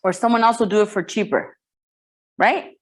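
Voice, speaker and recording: A woman coaching real estate agents in a lively training talk, often repeating herself and checking that the room follows. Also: mid-range voice, normal speed. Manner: energetic, repeats words, asks the room for checks.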